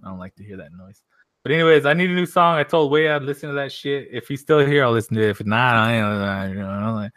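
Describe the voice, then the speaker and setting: Young male streamer, bright and punchy, profane and joking, dry close mic. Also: mid-range voice, animated, fast, no room sound. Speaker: livestream host. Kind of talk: casual livestream chat.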